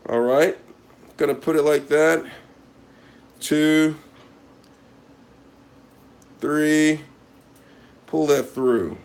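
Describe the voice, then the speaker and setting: A man's voice: a little high, a little mellow. Mock-serious man hosting a cooking video. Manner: mock-serious, repeats a catchphrase, talks to viewers as he works. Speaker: cooking channel host. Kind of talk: casual cooking demonstration to camera.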